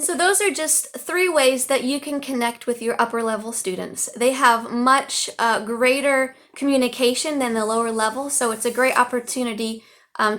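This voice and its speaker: A woman's voice: a little high, a bit bright. An American woman, an online English teacher, giving upbeat, chatty teaching tips into her phone in a casual vlog. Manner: upbeat, chatty, with playful animal-sound imitations.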